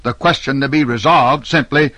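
A middle-aged man delivering a scripted sermon address as a radio preacher, in a measured, emphatic, declamatory way. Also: mid-range voice, sharp tone, dry recording.

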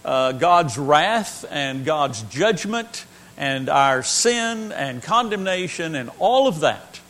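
A man's voice: on the high side, big pitch swings, takes it slowly, a bit bright. A man teaching a Bible lesson in an earnest, emphatic way, repeating his key phrases.

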